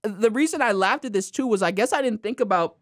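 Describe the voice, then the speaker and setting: Animated woman recapping a cartoon, dry close mic. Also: medium pitch, quick pace, dry recording. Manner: animated, acts out character lines with put-on voices and laughs. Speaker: podcast co-host. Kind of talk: casual chat recapping a cartoon episode.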